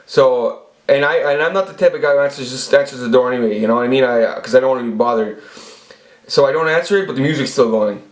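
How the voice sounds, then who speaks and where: A man's voice: mid-range voice, quick pace. Rambling, profane man in an echoey room. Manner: rambling and profane, with many restarts. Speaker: channel host. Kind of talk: casual storytelling monologue.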